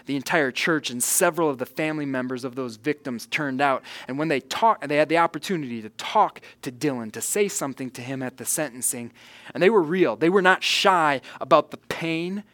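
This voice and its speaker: A man preaching a sermon, earnest, rising loud on key points and dropping soft for quiet emphasis. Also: mid-range voice, dry recording. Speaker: pastor.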